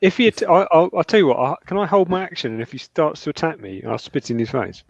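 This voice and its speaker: A man playing a tabletop game, halting and stumbling over his words. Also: on the high side, animated, vocal fry, no room sound. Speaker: player. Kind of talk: casual tabletop game chat. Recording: dry, dull lo-fi mic.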